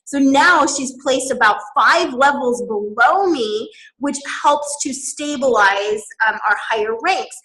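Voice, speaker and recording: High-voiced woman teaching strategy. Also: takes it slowly, roomy sound, low-quality recording. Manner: animated, laughs often. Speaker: network marketing leader.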